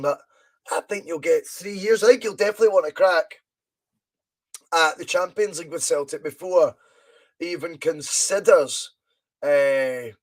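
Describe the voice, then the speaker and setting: A Scottish man hosting a live football watch-along podcast, chatting in a rambling way and reading viewer comments aloud. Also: on the high side. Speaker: podcast host.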